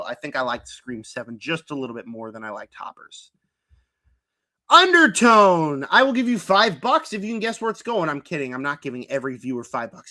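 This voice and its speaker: A man's voice: fairly high pitch, pushed and bright. A young man reviewing movies on a live stream, rambling casually with lots of fillers and mocking impressions of characters. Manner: rambling, filler-heavy, mocks characters with put-on quotes. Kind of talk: casual live-stream tier list chat.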